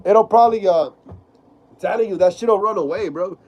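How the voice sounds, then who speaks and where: A man's voice: high-pitched, moderate pace, muffled recording. A young man with a stuffy nose from a cold, hosting a casual live stream from home, reading chat aloud and saying bro a lot. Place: home room.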